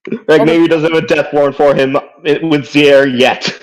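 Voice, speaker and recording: A man's voice: on the high side, flat delivery, a little slow, rough recording. A man playing a tabletop game, jokey and swearing while he laughs. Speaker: player. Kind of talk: casual tabletop game chat.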